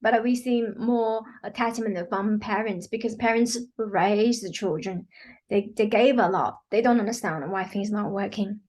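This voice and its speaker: Explaining what she does as a healing practitioner, this interview guest speaks earnestly in a darkish, mid-range voice at a moderate pace. Frequent "you know" fillers pepper her talk, and she acts out quotes.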